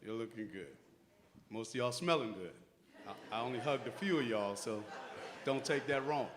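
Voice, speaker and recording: A man's voice: medium pitch, moderate pace, noisy background. A middle-aged man as master of ceremonies, giving an uplifting speech in a church hall with folksy storytelling that acts out quoted voices.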